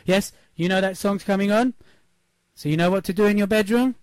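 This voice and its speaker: Brief: high-pitched male radio host, punchy motivational delivery, very dry close studio sound. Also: brisk, clear, resonant tone, no echo. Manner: emphatic, repeats points, asks "yes?". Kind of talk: upbeat motivational radio talk. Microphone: studio microphone.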